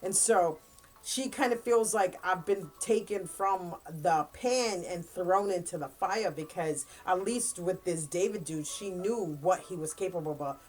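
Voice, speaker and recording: A woman with a lowish voice talks through a book's plot in a loose, rambling review chat, full of "like" and "um" and little quoted asides. Soft music sits faintly in the background. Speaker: book reviewer. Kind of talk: casual book review chat.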